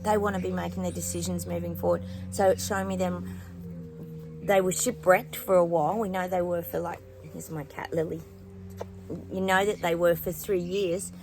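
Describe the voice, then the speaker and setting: Casual, rambling woman host with a lowish voice who talks straight to her viewers, with background music under her. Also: fairly even intonation, normal speed, rough recording. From New Zealand. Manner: chatty, rambling, lots of fillers and asides to viewers. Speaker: psychic channel host. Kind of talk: casual spoken predictions to viewers. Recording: music playing behind.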